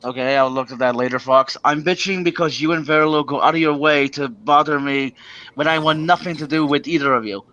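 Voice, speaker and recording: A man's voice: a little high, a little fast, pushed and bright, dry recording. A man hosting a stream, ranting casually and indignantly, stammering and swearing often. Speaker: stream host. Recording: dull lo-fi sound.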